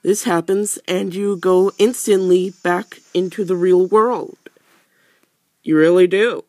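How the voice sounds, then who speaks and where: Slow joking let's play man. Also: high voice, fairly even intonation, a little mellow, dry recording. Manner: joking, teasing the characters. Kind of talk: casual gameplay commentary.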